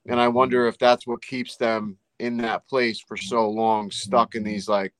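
A man hosting a casual podcast, musing out loud in a rambling way with many fillers. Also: on the low side, flat delivery, unhurried, no echo. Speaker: paranormal podcast host. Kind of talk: casual chat.

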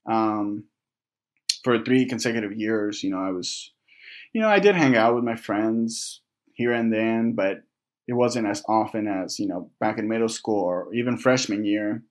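A young man telling a candid personal story to his viewers, halting and reflective, with many restarts, fillers and casual swearing. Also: fairly low pitch. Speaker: vlogger.

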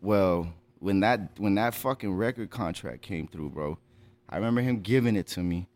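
A man's voice: low-pitched, normal speed, a little mellow. A man telling stories as a guest on a casual podcast, talking in loose, profane slang. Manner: laughs while telling stories. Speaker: rapper telling his story as a guest.

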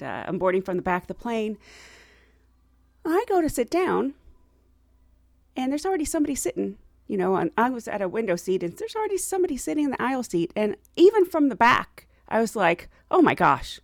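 A middle-aged American woman telling a travel story in a chatty, animated way, laughing often and acting out what she and others said. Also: medium pitch, no room sound, studio quality. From United States.

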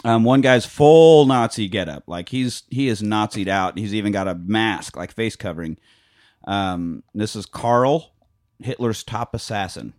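A man's voice: on the low side, unhurried, darkish tone, no room sound, studio quality. A man co-hosting a podcast, recapping a film in a casual, joking, profane way. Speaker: podcast co-host. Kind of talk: casual movie recap chat.

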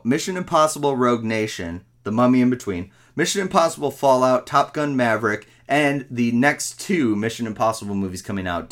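A man talks through a movie's plot in a loose, casual review. He rambles, backtracks and corrects himself, getting animated as he retells scenes. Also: fairly low pitch.

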